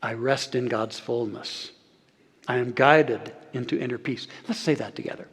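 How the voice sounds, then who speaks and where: A man preaching a sermon as pastor, earnest, slowing and softening on key phrases and leading the congregation in saying lines back. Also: mid-range voice, husky. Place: church sanctuary. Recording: long hall reverb.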